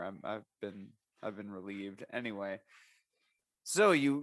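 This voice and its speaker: A man hosting a casual comedy chat, crude and teasing, quick to laugh. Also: fairly low pitch, a bit bright, dry recording.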